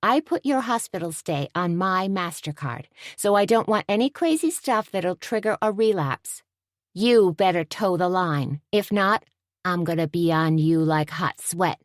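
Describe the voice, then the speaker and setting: A woman doing a shrill, sassy waitress. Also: animated, unhurried, no echo, clean studio sound. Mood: scolding. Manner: loud and sassy. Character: brash, sharp-tongued café waitress.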